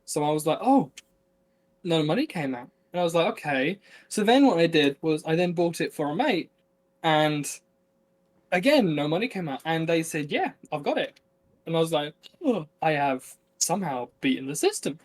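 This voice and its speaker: A man's voice: on the high side, expressive, normal speed. A young man co-hosting a casual podcast, talking loosely with lots of restarts and trailing asides. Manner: rambling, self-interrupting, many fillers and restarts. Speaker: podcast co-host. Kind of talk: casual chat.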